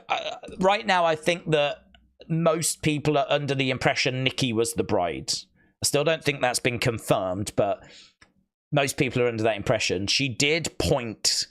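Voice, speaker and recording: A man's voice: medium pitch, fairly bright tone. A man hosting a live wrestling watch-along, rambling and musing aloud as he reads viewer comments. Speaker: wrestling stream host.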